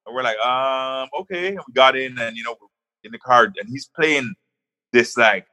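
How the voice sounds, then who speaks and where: A man from Jamaica, a guest on a podcast, telling stories in an animated way and often restarting his words. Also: medium pitch, moderate pace. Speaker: guest, music manager. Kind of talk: casual storytelling on a podcast.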